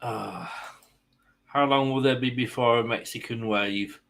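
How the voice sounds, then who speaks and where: A man's voice: mid-range voice, steady tone, unhurried, vocal fry, a bit bright. A man hosting a football watchalong stream, mixing live match commentary with rambling, self-mocking jokes.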